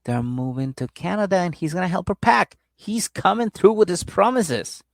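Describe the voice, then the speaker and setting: A man's voice: high voice, big pitch swings, normal speed, creaky, no room sound, studio quality. A man co-hosting a comedy podcast, casually recapping a reality show and acting out the people in it with profanity. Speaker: podcast co-host.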